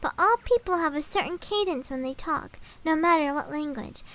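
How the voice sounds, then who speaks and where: A woman's voice: sits high, moderate pace, fairly bright tone. A woman streamer casually reading a scary story aloud, swapping swear words for milder ones and breaking off for chatty asides.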